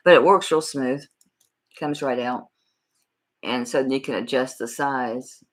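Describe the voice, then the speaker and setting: Low husky Southern woman selling jewelry. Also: measured pace. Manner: folksy, chatty, talks to viewers by name. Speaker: jewelry auction seller. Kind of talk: live-stream sales chat.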